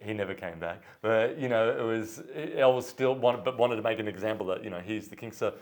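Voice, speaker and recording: Animated storytelling male host. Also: fairly low pitch, brisk. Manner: animated anecdotes, many restarts. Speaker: podcast host. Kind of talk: casual chat, storytelling.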